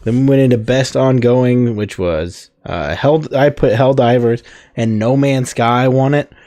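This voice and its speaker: This gaming host talks in an unhurried, dark-toned voice of medium pitch, recorded with no room sound. His let's-play commentary is casual and meandering, full of self-corrections.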